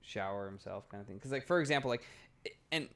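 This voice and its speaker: A man's voice: mid-range voice, expressive, fast. A man in his thirties, a podcast co-host, chatting casually, agreeable and stammering over restarts. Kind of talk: casual chat.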